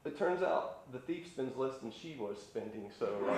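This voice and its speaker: A man's voice: mid-range voice, lively intonation, normal speed, few pauses, over a noisy crowd. Laid-back man telling a joke on stage. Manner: laid-back, rambling delivery with fillers. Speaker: stand-up comedian. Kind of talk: live stand-up storytelling. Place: live studio stage. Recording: roomy live stage sound with faint noise.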